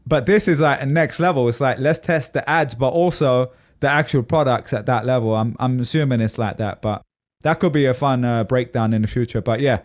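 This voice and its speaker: A man with a medium-pitched voice talks fairly quickly as a podcast co-host in casual chat. He's chatty and rambling, going on at length and laughing easily.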